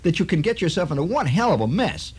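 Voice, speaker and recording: A man telling a long personal story in a rambling, halting way, full of asides and restarts. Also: on the high side, sing-song, darkish tone, breathy edge. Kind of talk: spoken storytelling monologue.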